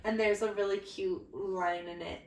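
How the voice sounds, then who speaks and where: A woman's voice: mid-range voice, fairly even intonation, normal speed, distant mic. A young woman co-hosting a podcast, telling a story in a gushing, casual way with lots of fillers. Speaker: podcast co-host. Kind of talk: casual chat. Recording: echoey room, voice a bit off-mic.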